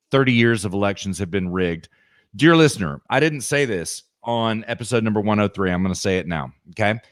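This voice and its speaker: A man co-hosting a podcast, talking in an emphatic, opinionated way, often turning to the listener and checking in with "okay?". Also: mid-range voice. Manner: emphatic, keeps asking "okay?" and addresses the listener directly. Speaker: podcast co-host.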